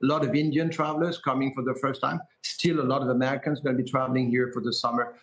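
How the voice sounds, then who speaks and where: A middle-aged man with a French accent, a hotel group's chief executive, giving quick, confident answers in a live TV business interview, with frequent "uh" fillers. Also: medium pitch, level tone, a bit bright, low-quality recording.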